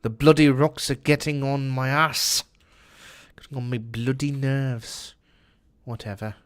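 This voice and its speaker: A man's voice: mid-range voice, flat delivery, a little slow, clean tone. A man streaming a game, chatting with viewers and cursing casually in a put-on British accent. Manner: chatty, swears often, answers chat while playing. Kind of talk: casual gameplay commentary.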